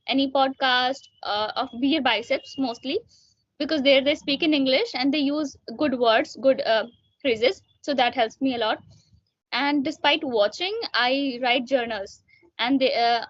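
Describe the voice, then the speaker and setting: Young woman student, high pitched, pauses a lot with fillers, dry dull call sound. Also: no room sound. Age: young adult. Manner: speaks carefully with frequent filler pauses. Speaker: student learner. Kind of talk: casual practice conversation. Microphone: online voice call.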